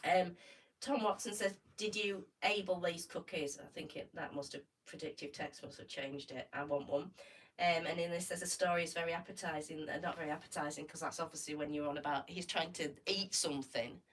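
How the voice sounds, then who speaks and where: A woman's voice: sits low, a little fast, few pauses, a bit bright, recorded from a distance, low-quality recording. A woman co-hosting a casual live stream, reading viewer comments aloud in a chatty, teasing way and laughing often.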